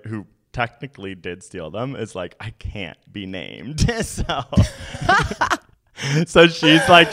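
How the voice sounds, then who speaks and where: Lively young man, Canadian-born. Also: lowish voice. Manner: animated storytelling, quoting people in voices. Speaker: guest. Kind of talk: casual chat.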